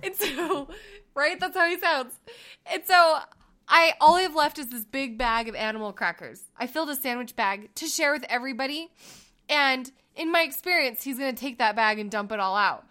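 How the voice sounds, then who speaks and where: A woman in her thirties, co-hosting a casual chat and telling family stories with animated acted-out quotes. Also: high voice, normal speed. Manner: animated storytelling, acts out quotes. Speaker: podcast co-host.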